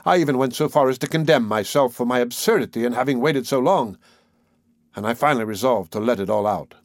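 A man narrating a classic adventure story in the first person, measured and expressive. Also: mid-range voice, no room sound, clean studio sound. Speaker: audiobook narrator.

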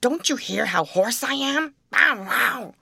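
A woman voicing a hoarse old male yard dog who grumbles on like a wise old-timer in a storybook, with a low, barking voice. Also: expressive, slow pace, pushed and bright, no room sound, full character voice. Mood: gruff.

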